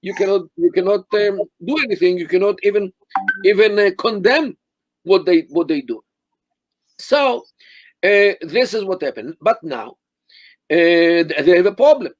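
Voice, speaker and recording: An older man talks as an interview guest over a video call. He speaks in a fairly high voice, stressing words deliberately and often restarting his phrases. The sound is close and dry, with no room echo. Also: expressive, muffled recording. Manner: deliberate, emphatic, many restarts and fillers. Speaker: interview guest, Middle East scholar.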